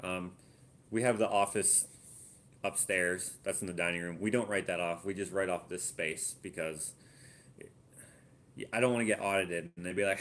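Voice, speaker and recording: A man's voice: sits low, fairly even intonation, moderate pace, long pauses, fairly bright tone, a little hiss or hum. A Canadian man hosting a casual live Q&A from his home art studio, thinking aloud and muttering while he looks things up and works out sums. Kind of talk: casual live-stream chat.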